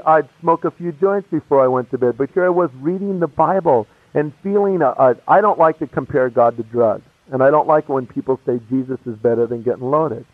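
A man shares his conversion testimony as a story, keeping it casual and lively while acting out each person's voice. His voice runs on the high side, and the audio is tinny, phone-like and dry, with no echo.

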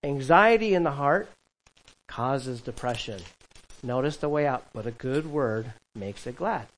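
A man preaching a sermon as pastor, swinging from loud, emphatic calls to quiet asides and chuckling between points. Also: medium pitch, expressive, measured pace, rough recording.

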